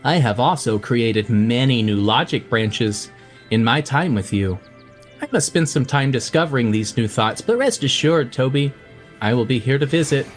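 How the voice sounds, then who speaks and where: Man voicing a gentle formal robot creature. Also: mid-range voice, expressive, soft background music, lightly acted. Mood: warm. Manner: formal, measured, emotional. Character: gentle, earnest robot creature bidding farewell.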